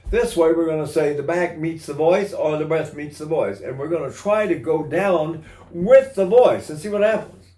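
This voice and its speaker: An older man teaches singing in an animated way, now and then breaking into a sung vowel or a laugh to make his point. His speaking voice sits a bit high for a man. The room around him rings with a noticeable echo. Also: moderate pace. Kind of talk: singing lesson with sung examples. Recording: roomy echo.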